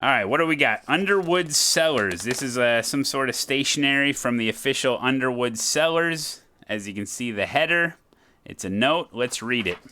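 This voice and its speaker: A man streaming a murder mystery game, thinking aloud in an excitable, jokey way. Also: mid-range voice, normal speed. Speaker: streamer playing a detective game. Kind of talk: casual live-stream chat.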